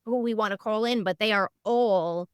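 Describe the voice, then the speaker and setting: Woman podcast guest, earnest storyteller, clear smooth tone. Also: medium pitch, normal speed, no echo. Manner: animated storyteller, lively and earnest. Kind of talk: casual interview chat.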